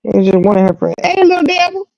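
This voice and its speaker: A woman with a medium-pitched, creaky voice talks fast while hosting a live stream, telling a story in casual chat. She's an animated storyteller who acts out the lines other people said. The audio is muffled, lo-fi and dry.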